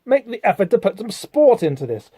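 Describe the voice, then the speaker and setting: A man's voice: high voice, very animated, brisk, mellow, husky, no echo, clean studio sound, voice pushed up, heavily acted. A man voicing a menacing, contemptuous posh male hunt leader while reading a comic aloud. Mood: sneering. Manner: taunting, contemptuous.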